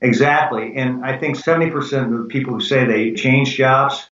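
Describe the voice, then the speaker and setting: A man's voice: mid-range voice, normal speed. Older man, former executive, storytelling guest, voice set back from the mic, roomy echo, dull sound. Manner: animated anecdotes with quoted dialogue. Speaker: guest, former company president. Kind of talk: conversational storytelling. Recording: echoey, distant, dull sound.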